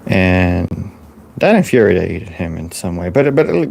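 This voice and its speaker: A man telling a rambling, deadpan tall tale with many halts and restarts. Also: sits low, creaky, a little hiss or hum. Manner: halting, full of restarts and fillers. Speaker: storyteller drawing on camera.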